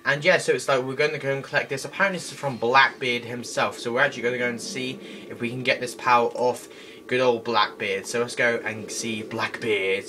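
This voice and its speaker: Excitable man commentating a game. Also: medium pitch, noisy background. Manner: excitable, chatty, laughs and shouts at enemies. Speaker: gameplay commentator. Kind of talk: let's play commentary. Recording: game music loud behind voice.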